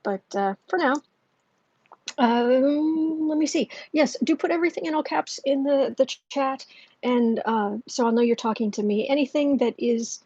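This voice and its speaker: A woman hosting a livestream as a tarot reader, chatting casually with many fillers and restarts, speaking softly and gently and sometimes dropping to a near whisper. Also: sits high, moderate pace, husky, no echo, lo-fi sound. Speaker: tarot reader and channel host.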